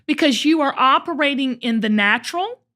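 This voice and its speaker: A middle-aged woman who coaches her guests with earnest, emphatic talk. Her voice sits a little high, and she doubles up words as she pushes her point home. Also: expressive, a little fast, bright, forceful tone. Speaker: host and coach.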